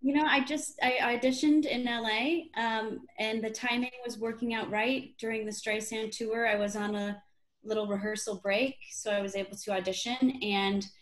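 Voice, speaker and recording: In a low-quality recording, a thirtysomething actress from Chicago talks casually as an interview guest, filling her speech with "you know" and "um." Her voice is a little high, her intonation fairly even, and her speed normal.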